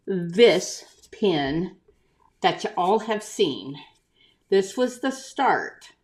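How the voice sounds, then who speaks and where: Slow, chatty older woman on a live stream. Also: mid-range voice. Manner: chatty, reads out viewer comments and greets them by name. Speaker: craft shop owner hosting a live stream. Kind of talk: casual live-stream chat.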